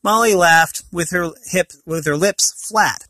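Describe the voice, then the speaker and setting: A man's voice: high-pitched, a little slow, hardly any pauses, bright, forceful tone, no echo. Dry-voiced man reading a storybook aloud. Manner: stumbles and corrects himself mid-sentence. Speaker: reader of a novel.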